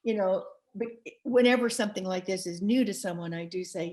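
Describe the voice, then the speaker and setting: A woman's voice: mid-range voice, brisk, a little mellow. A woman author speaking as a podcast guest, passionate and emphatic, with light laughs between her points. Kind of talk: podcast interview.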